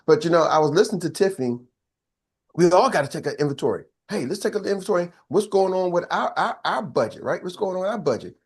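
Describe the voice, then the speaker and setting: Lively, animated older male coach. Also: on the high side, fairly quick, pauses often, breathy edge. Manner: energetic, repetitive and call-and-response. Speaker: business coach. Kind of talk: live motivational masterclass.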